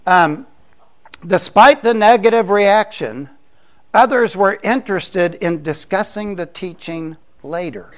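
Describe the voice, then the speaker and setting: Man, older, pastor, conversational sermon, joking asides, slightly high pitch. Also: slow. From Florida, US.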